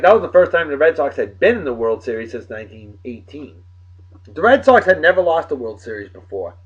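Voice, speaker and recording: Husky-voiced man rambling in a lively way. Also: a little high, highs cut off. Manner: rambling, playful, exclamatory asides. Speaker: host. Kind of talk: casual video blog chat.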